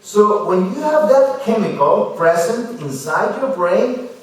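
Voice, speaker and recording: Male lecturer, fairly high voice, slow deliberate delivery, distant mic in a very echoey school hall. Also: lively intonation, a little mellow. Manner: measured, explanatory, addresses audience with "okay?". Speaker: guest lecturer on mental health. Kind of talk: public lecture to students.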